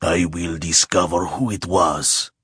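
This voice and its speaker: A man reading an audiobook, voicing a grave noble lord in slow, measured speech. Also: sits low, fairly even intonation, sharp tone, breathy edge, no room sound, full character voice. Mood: stern.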